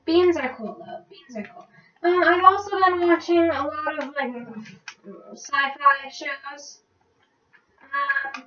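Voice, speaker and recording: High, bright-voiced woman vlogger, rambling and jumpy, recorded distant in an echoey room. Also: slow pace, slight background noise. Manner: chatty, rambling, easily startled, mutters to herself. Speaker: gameplay vlogger. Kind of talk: casual gameplay commentary. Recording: roomy, distant, dull lo-fi recording.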